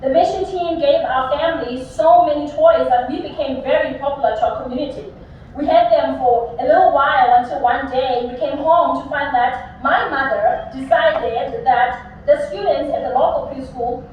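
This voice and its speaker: A woman's voice: high voice, moderate pace, a little hiss or hum. A young woman from Africa, giving a commencement speech full of humorous personal stories. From South Africa. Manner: humorous anecdotal storytelling. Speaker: commencement speaker. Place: large graduation venue. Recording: echoey hall, distant mic, dull sound.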